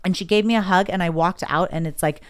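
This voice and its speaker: A woman's voice: on the low side, quick pace, clear, resonant tone. A woman as a podcast guest, candidly and emotionally telling a personal story, often acting out what others said. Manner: candid, emotional, quotes others in lively voices. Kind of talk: casual interview storytelling.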